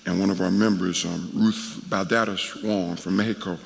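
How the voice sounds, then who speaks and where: A man's voice: low voice, fairly even intonation, moderate pace, creaky. A middle-aged man preaching a folksy, conversational storytelling sermon at a church conference, talking to the crowd as he goes. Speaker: guest preacher. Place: large worship hall at a church conference. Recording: reverberant hall.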